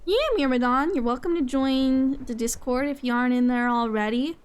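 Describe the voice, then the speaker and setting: A young woman streaming a game in casual chat, excitable, gasping often and repeating her phrases. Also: sits high, normal speed, smooth.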